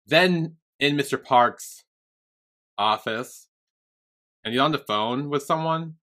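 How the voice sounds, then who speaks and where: A young man on a podcast, chatting casually through an episode recap. His voice is bright and forward, with a middling pitch. He rambles, swears a lot, and slips into the characters' lines as he goes. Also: slow. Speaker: podcast co-host.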